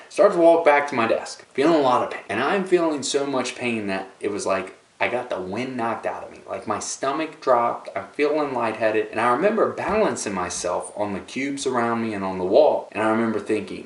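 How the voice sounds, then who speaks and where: A young man casually telling a personal story to his viewers, animated and playful with dramatic asides. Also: on the low side, normal speed, distant mic. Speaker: vlogger. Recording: echoey room, voice a bit off-mic.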